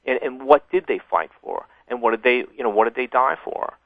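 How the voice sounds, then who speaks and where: A man being interviewed on a radio show as a guest author, thinking aloud with halting restarts. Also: mid-range voice, dry recording. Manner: thoughtful, halting, many restarts. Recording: tinny phone line.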